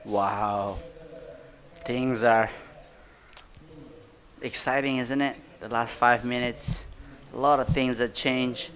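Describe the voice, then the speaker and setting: A man calls a surf heat live from the commentary booth. His voice sits in an ordinary middle pitch, and his delivery is excitable and loose, with broken phrasing that rushes along with the action.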